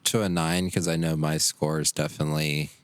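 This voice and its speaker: A man's voice: rumbling low, little pitch movement, a little fast, clean tone, no echo. A man co-hosting an anime podcast, teasing and opinionated in casual chat. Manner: teasing, opinionated, self-aware. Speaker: podcast co-host.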